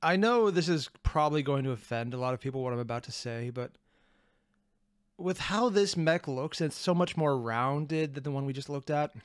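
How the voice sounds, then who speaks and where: A man hosting a reaction video, excitable and rambling, with self-deprecating asides, on a close mic. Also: on the high side, moderate pace, clear, resonant tone, no room sound. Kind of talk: reaction commentary.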